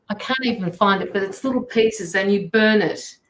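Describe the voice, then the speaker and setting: A woman's voice: medium pitch, a bit bright. A woman hosting a live tarot and mediumship stream, chatting casually and greeting viewers by name from her studio. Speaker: tarot reader and medium, show host. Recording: roomy studio echo.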